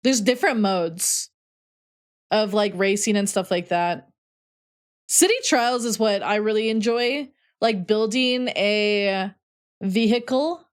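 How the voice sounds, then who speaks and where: A woman's voice: mid-range voice, takes it slowly. A young adult woman streamer telling a rambling story in a casual, chatty way. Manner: chatty, rambling, heavy "like" fillers. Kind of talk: casual storytelling while playing.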